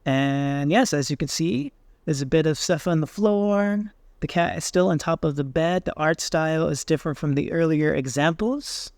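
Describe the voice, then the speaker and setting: Relaxed man walking through software. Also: on the high side, normal speed, gravelly, dry recording, studio quality. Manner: relaxed, thinking aloud with fillers. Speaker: tech tutorial host. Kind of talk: screen-recorded software walkthrough.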